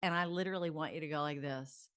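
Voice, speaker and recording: A woman psychologist teaching self-help, chatty and animated, leading mantras aloud. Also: sits low, fast, clear, resonant tone, no room sound, studio quality.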